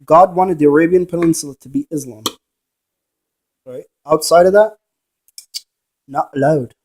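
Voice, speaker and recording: A man's voice: on the high side, moderate pace, a little mellow. A man who investigates ghosts, giving a rambling, preachy monologue and arguing with the viewer through rhetorical questions. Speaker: paranormal investigator.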